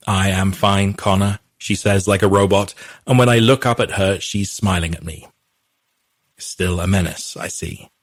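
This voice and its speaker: A man narrates a romance audiobook in the first person, measured and intimate. His voice sits very low and has a husky grain. The recording is dry and close, with no room sound. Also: dry recording.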